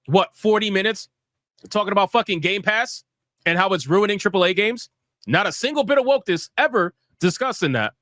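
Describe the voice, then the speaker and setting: A man riffs on a live gaming stream, blunt and profane, mocking his rivals with emphatic jabs. His voice sits high and sounds bright and forceful. The sound is dry and close. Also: no room sound. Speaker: streamer host.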